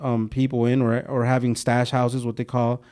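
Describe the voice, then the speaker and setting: A man's voice: mid-range voice, completely flat delivery, normal speed, darkish tone. A young man co-hosting a podcast in casual, slangy talk, saying "bro" a lot and slipping into Spanish words. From Mexico. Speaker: podcast co-host.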